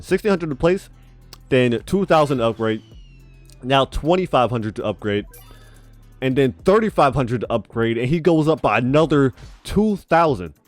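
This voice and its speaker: Brief: male gaming YouTuber, casual rambling commentary, spitty retainer sound, faint music underneath. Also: on the high side. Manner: rambling, profane, says bro a lot.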